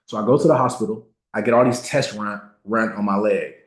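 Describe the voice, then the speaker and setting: A man in his thirties giving a motivational talk, telling a personal story and slowing down to stress key words. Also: lowish voice, steady tone. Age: 30s. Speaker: motivational speaker. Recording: roomy echo.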